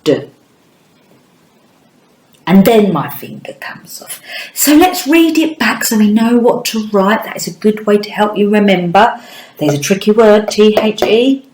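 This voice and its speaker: A woman teaching a phonics lesson to young children, with a slow, sing-song teacher voice that stretches out each sound. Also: mid-range voice, darkish tone, roomy sound, slight background noise, poor audio. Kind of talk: early-years phonics lesson.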